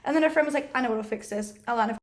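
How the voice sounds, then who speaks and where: A young guest speaks very fast in a slightly high voice during a casual chat. Her stories come out animated, full of laughs and frequent uses of "like."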